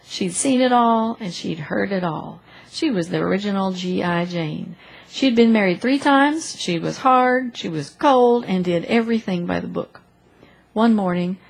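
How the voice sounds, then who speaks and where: A woman reads a story aloud in church. She is expressive and gives the characters' lines their own small voices. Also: mid-range voice, vocal fry, breathy edge, low-quality recording. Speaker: reader of a story in a church service.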